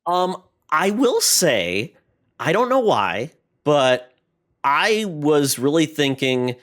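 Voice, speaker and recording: A man's voice: on the high side, very animated, a little slow, a bit bright. A man co-hosting a podcast, chatting casually about a film in a musing, hedging way. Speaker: podcast co-host. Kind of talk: casual movie discussion.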